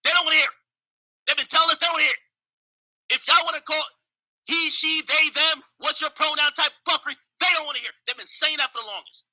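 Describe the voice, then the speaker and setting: A man's voice: very high-pitched, fairly quick, rough recording. A young man hosting a casual, profane talk about history and politics, acting out other people's voices as he goes. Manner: animated, profane, acts out voices of others mid-story. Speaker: host.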